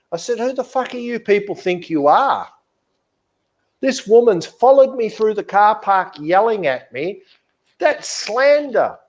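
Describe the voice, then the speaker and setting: A man's voice: high-pitched, darkish tone, muffled recording. A man telling a story in casual podcast chat, blunt and indignant, swearing freely. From Australia. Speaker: podcast co-host.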